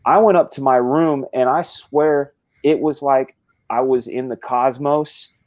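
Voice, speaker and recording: A man's voice: mid-range voice, fairly even intonation, a little slow, a little mellow, no room sound. A man hosting a casual live stream, telling a rambling story with lots of swearing and restarts. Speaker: stream host.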